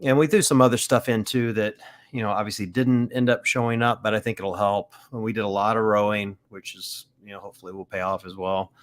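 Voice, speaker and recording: A podcast co-host chats casually and pokes fun at himself in a lowish voice with a steady tone. He talks a little fast, keeping the conversation relaxed and self-deprecating.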